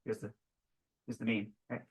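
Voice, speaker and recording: A male physics teacher giving a classroom lecture, animated and constantly checking in with "right?". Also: lowish voice, moderate pace, recorded from a distance, low-quality recording. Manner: animated, keeps asking "right?".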